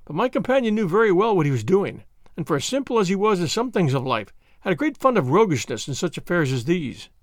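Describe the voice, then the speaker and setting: A man narrating a classic novel in a measured, expressive storytelling manner into a close studio mic. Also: high voice, no room sound. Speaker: audiobook narrator.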